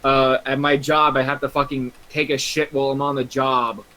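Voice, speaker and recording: A man's voice: medium pitch, little pitch movement, moderate pace, bright, forceful tone, poor audio. A young man on an online voice call, telling rambling stories with constant swearing and frequent laughter. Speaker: streamer's guest on voice chat. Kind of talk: casual chat.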